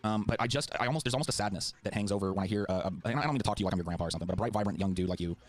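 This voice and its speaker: Brief: middle-aged male debater, low voice, rapid-fire, profane and impassioned. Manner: fiery, profane, heartfelt. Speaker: political debater.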